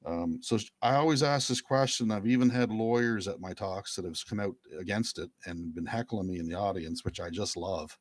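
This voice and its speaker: Earnest man, low dry voice. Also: fairly quick, few pauses, dry recording. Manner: earnest, emphatic, repeats phrases. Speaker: speaker giving a talk. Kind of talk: casual monologue to viewers.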